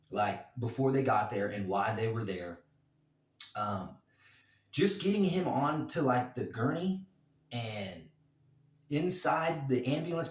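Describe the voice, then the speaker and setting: Rambling man telling a story, roomy and distant. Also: medium pitch. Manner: rambling, crude humor, many fillers. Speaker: vlogger, former bouncer. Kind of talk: casual storytelling.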